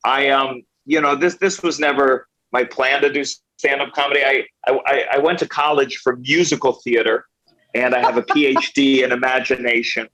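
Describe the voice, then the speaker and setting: A man starting a stand-up set over a video call, halting, with many restarts. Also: medium pitch, fairly even intonation, pushed and bright, rough recording. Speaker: stand-up comedian.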